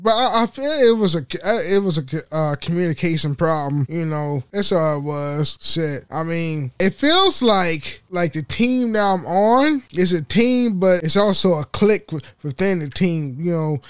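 A man's voice: sits high, dry recording. A young man hosting his own podcast in a casual, rambling monologue, full of swearing, restarts and acted-out quotes of his arguments. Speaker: podcast host. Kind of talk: casual solo venting monologue. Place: at home.

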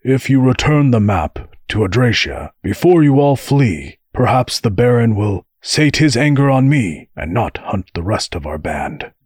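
A man's voice: medium pitch, sing-song, unhurried, few pauses, a little mellow, breathy edge, dry recording, clean studio sound, voice pushed up. A man doing a sullen, resigned halfkin thief.

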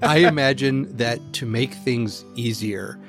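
A man's voice: mid-range voice, measured pace, over music. A man playing a tabletop game, spinning playful jokes about the other characters. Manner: playful, imaginative, laughing asides. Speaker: player. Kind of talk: casual chat in a tabletop game.

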